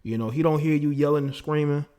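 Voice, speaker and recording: This livestream host, a fast-talking man with a slightly high, mellow voice, chats with his audience and callers in a casual call-in show, boasting and laughing as he goes.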